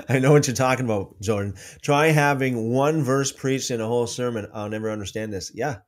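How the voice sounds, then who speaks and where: Man, livestream host, casual faith talk, rambling, restarts, mid-pitch, swinging intonation. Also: moderate pace. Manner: rambling, restarts often, lively pitch swings when telling stories. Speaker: livestream host reading viewer comments.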